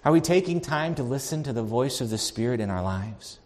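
A man preaching a sermon as pastor, animated and swinging between loud and soft. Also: mid-range voice, brisk. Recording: long reverb of a large hall.

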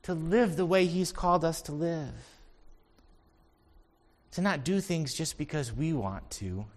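Unhurried and slightly high-voiced, this man preaches earnestly, weaving in stories as his emphasis climbs toward forceful points in his sermon.

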